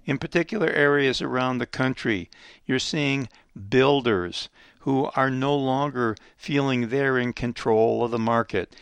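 Male show host, gravelly, mid-pitched, emphatic commentary with rhetorical questions, dry close sound. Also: a little slow, dry recording. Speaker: radio program host. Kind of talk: economic commentary monologue.

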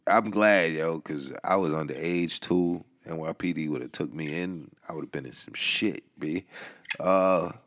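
A young podcast host with a New York accent and a rumbling low, fairly bright voice delivers a casual monologue at an unhurried pace, in a loose, profane storytelling style. He records with headphones and a home mic.

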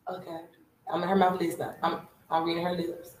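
A woman's voice: fairly low pitch, little pitch movement, brisk, a little mellow. A woman on a podcast cast, chatting casually and playfully, acting out scenes as she talks. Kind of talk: casual chat. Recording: echoey room with faint noise.

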